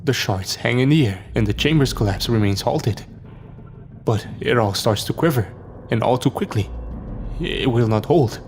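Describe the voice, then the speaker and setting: A man narrating a scripted horror story in a dramatic, measured way. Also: medium pitch, lively intonation, a little hiss or hum. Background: soft background music.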